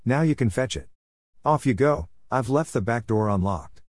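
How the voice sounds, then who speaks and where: A man's voice: medium pitch, animated, moderate pace, no echo, voice pushed up, close to an everyday voice. A man voicing a brash, mocking middle-aged former school bully, in a close, dry recording. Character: cocky rough middle-aged male ex-bully.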